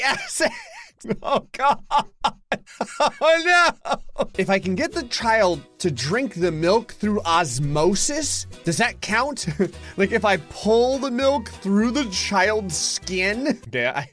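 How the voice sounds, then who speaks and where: A man giving let's-play commentary on a mobile game, excitable, laughing often and yelping in surprise. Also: high-pitched, slow, soft background music. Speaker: gaming commentator.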